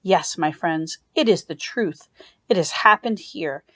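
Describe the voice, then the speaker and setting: A woman's voice: lowish voice, measured pace, fairly bright tone, no room sound, pitched below the performer's own voice. A woman reading the speech of a pompous middle-aged businessman, orating emphatically.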